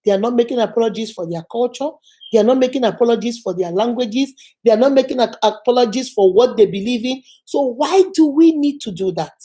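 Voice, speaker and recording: Earnest Nigerian woman with a mellow voice. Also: on the high side. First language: Igbo. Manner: earnest, storytelling, repeats phrases for emphasis. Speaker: vlogger. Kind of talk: motivational talk to camera.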